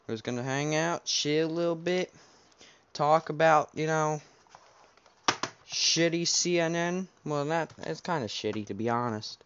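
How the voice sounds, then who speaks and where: A man's voice: on the high side, a little slow. A young man hosting a casual first podcast, rambling and unsure, with lots of fillers, at home by his game console. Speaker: podcast host. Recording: dull lo-fi home recording, faint keyboard noise.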